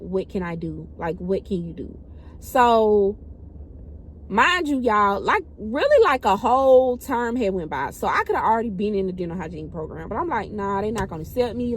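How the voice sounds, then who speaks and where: A woman in her twenties telling a personal story in a casual vlog, chatty and animated, talking straight to her viewers. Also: mid-range voice, a little hiss or hum, rough recording. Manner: chatty, animated, keeps addressing viewers directly. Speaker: vlogger.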